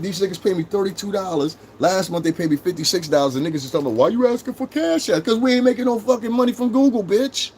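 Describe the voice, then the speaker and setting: A man's voice: a little high, a little hiss or hum. A man with a New York accent in his thirties, hosting a casual livestream, brash and profane as he talks straight to his chat. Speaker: livestream host.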